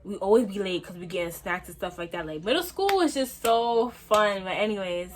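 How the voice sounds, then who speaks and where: A young woman from Brooklyn, telling a casual storytime on her phone at home, slangy and animated, talking straight to her viewers. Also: mid-range voice, a little fast, slight background noise. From Brooklyn, New York. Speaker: vlogger.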